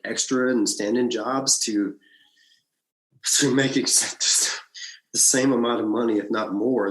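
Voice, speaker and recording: Man telling a story in an echoey room. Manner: animated storyteller, frequent restarts and big pitch swings. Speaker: podcast guest. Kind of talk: casual storytelling interview.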